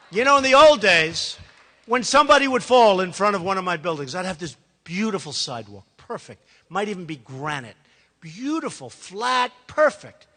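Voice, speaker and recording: Male political candidate, campaign speech, emphatic and repetitive, bright voice, reverberant large hall. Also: sits high. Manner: emphatic and rambling, repeats himself. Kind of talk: campaign speech to a live audience.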